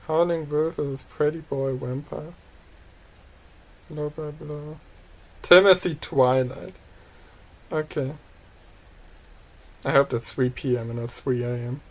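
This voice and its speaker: A let's player giving casual commentary, reading game text aloud and adding quick chatty asides. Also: mid-range voice. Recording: loud game music behind the voice.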